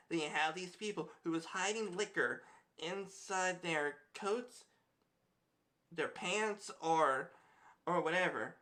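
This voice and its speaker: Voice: medium pitch, sharp tone. A streamer reacting to videos in casual, rambling commentary full of fillers.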